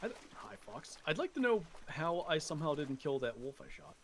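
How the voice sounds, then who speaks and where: A man's voice: on the high side, very animated, fairly quick, gravelly, slight background noise. Dry, teasing male co-streamer. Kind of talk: casual gaming stream chat.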